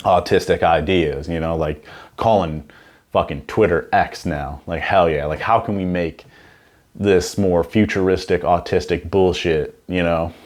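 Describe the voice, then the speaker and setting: A man's voice: deep voice, a little mellow. A young man hosting a comedy podcast, rambling and profane in a casual monologue, full of "you know what I'm saying.".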